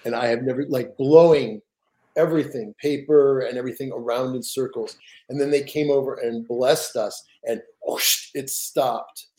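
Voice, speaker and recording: A man's voice: medium pitch, fairly even intonation, moderate pace, dark tone. An older man, a guest author, telling stories in a rambling, casual way with repeated words and laughs. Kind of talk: casual storytelling.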